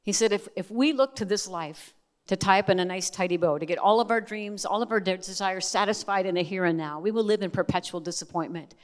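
A woman's voice: medium pitch, a little fast. A middle-aged woman giving a sermon, telling a family story with earnest, emotional emphasis that rises and falls. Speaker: speaker at a church service. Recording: long hall reverb.

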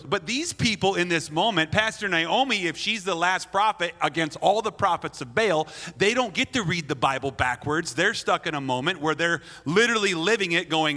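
Man preaching, blunt, playful, bright forceful voice, slightly high, long hall reverb. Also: animated, normal speed, few pauses. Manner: blunt, playful, acts out quotes. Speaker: pastor. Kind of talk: sermon.

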